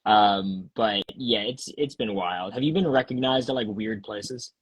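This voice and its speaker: A man's voice: fairly low pitch, measured pace, husky, dry recording, rough recording. A man chatting as a guest over a phone video call, laid-back and rambling, worn out after partying and recovering from a cough. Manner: laid-back, rambling, lots of fillers and laughs. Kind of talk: casual chat.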